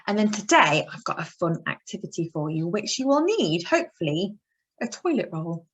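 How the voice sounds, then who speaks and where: A woman's voice: on the low side, big pitch swings, normal speed, slightly rough. A woman teaching young children in an online lesson, talking in an encouraging, sing-song way. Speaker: early years teacher.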